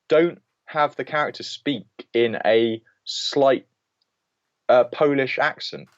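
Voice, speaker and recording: A man's voice: medium pitch, lively intonation, a little slow, dry recording. A man co-hosting a podcast, giving an opinionated film review in casual chat and ranting with many restarts. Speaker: podcast co-host. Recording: dull lo-fi podcast audio.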